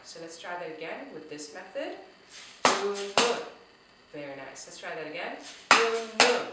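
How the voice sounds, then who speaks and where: A woman teaching a children's drumming lesson, speaking slowly and encouragingly and chanting words loudly syllable by syllable. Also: on the low side, slight background noise. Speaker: teaching artist. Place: room full of drums. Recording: echoey room, voice a bit far from the mic.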